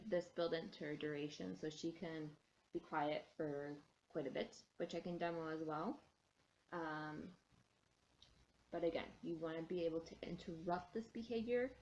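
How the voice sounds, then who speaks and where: A woman's voice: on the low side, dull audio, a little hiss or hum. A woman dog trainer casually explaining a training method, chatty, with frequent ums and restarts.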